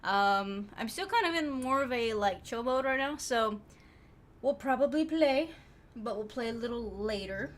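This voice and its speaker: A woman's voice: on the high side, lively intonation, normal speed. A woman streamer, chatting casually and laughing with her live chat viewers, a little out of breath. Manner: laid-back, chatty, laughs often, trails off with fillers.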